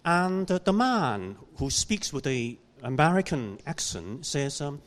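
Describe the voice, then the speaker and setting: A man preaching a sermon in a church, telling a story in a slow, deliberate way and putting questions to the congregation. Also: a little high, big pitch swings. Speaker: pastor.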